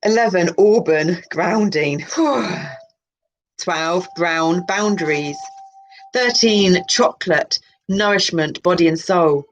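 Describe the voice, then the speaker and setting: Low-voiced woman reading with rambling asides. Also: slow pace, faint music behind, low-quality recording. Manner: wandering, self-interrupting, musing. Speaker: channel host reading a colour card deck.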